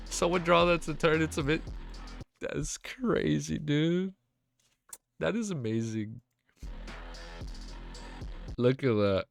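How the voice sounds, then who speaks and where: A man live-streaming his reactions, excitable and hyped, with casual slang and swearing. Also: fairly high pitch, slow pace, gravelly, long pauses, faint music behind. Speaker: streamer reacting to a web novel.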